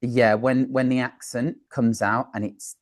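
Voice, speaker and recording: A man's voice: medium pitch, flat delivery, unhurried, no room sound, studio quality. A man, a talent manager and producer, answering interview questions in an earnest, advisory way with frequent fillers and restarts.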